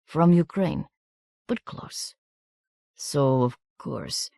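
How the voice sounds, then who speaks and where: A woman voicing a friendly but faintly menacing teenage boy with a soft Romanian accent, who speaks slowly in halting phrases. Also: sits low, expressive, creaky, no echo, studio quality, full character voice. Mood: coaxing.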